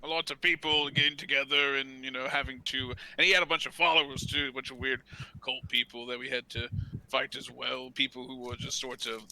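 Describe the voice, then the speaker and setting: A man's voice: mid-range voice, flat delivery, brisk, pushed and bright, poor audio. A man narrating and voicing characters as game master of a tabletop game, rambling with lots of filler words.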